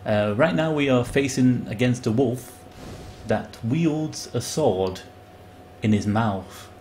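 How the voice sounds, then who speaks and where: A man live-streaming a video game, chatting excitedly and greeting viewers by name. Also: mid-range voice, slow, a little hiss or hum. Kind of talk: casual live game commentary.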